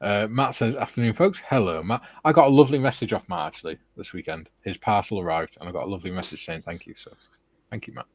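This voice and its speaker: Host type: man, deep-ish, relaxed chat-reader on a dry close mic. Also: quick pace, husky, no room sound. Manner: relaxed, laughing, swears casually. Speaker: stream host reading chat. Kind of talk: casual live-stream chat.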